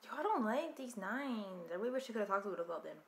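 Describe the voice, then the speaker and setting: A young woman casually reacting to an anime, talking back to the screen in an expressive way. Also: mid-range voice, fast talker, gravelly, roomy sound. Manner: expressive, talks back to the screen, shrieks and laughs.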